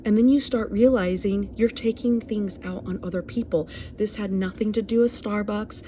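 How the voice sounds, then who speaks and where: A woman's voice: medium pitch, normal speed, warm tone, slight background noise. A middle-aged woman sharing a personal story in an earnest, reflective way, with many fillers, as a mental health advocate.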